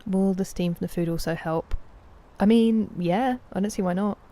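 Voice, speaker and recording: A British woman chatting casually on a live game stream, thanking viewers and sometimes dropping into a soft whisper. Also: medium pitch, normal speed. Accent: British English.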